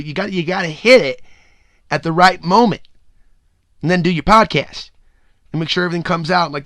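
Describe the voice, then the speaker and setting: A man hosting a solo podcast with a bright, forceful voice sitting a bit high for a man. He rants loosely, swears freely and breaks into loud whoops, recorded close and dry with no room sound. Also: no room sound. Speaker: podcast host.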